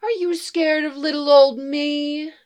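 A woman's voice: expressive, moderate pace. A woman voicing a brash, foul-mouthed, hard-drinking young woman in a raised, mocking voice. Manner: loud, mocking, higher put-on voice.

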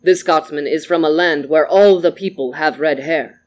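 A storyteller voicing a calm, mournful samurai man who speaks softly and formally. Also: mid-range voice, pitched below the performer's own voice, lightly acted. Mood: solemn. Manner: soft, formal, measured speech.

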